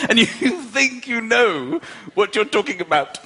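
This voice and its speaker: High-voiced man, animated comic talk. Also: a little slow, few pauses, crowd noise. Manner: animated, shouting comic impressions. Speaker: marriage counsellor speaker. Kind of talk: comic storytelling talk to an audience. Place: large room with a live audience. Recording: live talk, loud audience laughter and noise.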